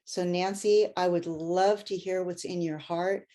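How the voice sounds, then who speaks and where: Slow, gushing woman hosting a panel. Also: on the low side, fairly even intonation, dark tone. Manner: effusive, gushing. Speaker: conference host. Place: online video conference.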